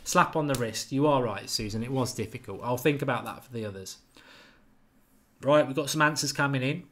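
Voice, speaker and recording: A man hosting a live football quiz stream, chatting casually and quickly reading out viewers' names and answers. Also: medium pitch, a bit bright. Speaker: football channel host running a live quiz.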